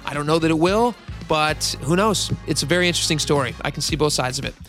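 A man's voice: on the high side, fast, fairly bright tone, faint music behind. A man in his thirties hosting a radio talk show, chatty and rambling, with a self-deprecating manner. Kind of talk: casual radio chat.

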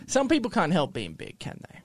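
A man co-hosting a casual talk show, thinking out loud and hesitating as he chats. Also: high voice, huge pitch swings, fairly quick, no room sound. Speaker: podcast co-host. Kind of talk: casual chat.

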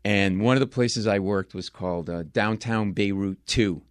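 A man from Rhode Island, a comedian telling stories as a guest in an interview, lively and slipping into voices for the people he quotes. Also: fairly low pitch, normal speed, smooth, dry recording, studio quality. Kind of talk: storytelling interview chat.

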